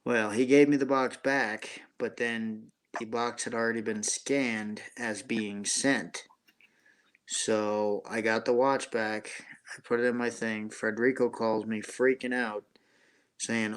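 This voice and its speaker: A man's voice: lowish voice, steady tone, slow. A man hosting a casual live stream about watches, chatting and telling a rambling story. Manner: rambling storyteller, reads chat names.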